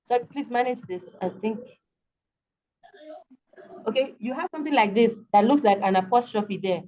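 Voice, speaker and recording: A woman with a Nigerian English accent tutoring students over a video call, patient and repeating each word slowly. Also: on the high side, darkish tone. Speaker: online tutor. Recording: dull lo-fi video call audio.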